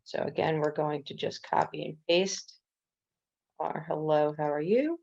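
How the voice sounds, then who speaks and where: A coding instructor with a low, gravelly voice walks through a tutorial step by step, slipping in casual "um"s along the way. She sounds unhurried and a little mellow, and the recording is dull and lo-fi.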